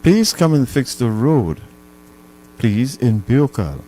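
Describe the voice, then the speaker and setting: A man's voice: medium pitch, big pitch swings, slow pace, warm tone, poor audio. A man in the studio chiming in playfully with the host, drawing out his repetitions.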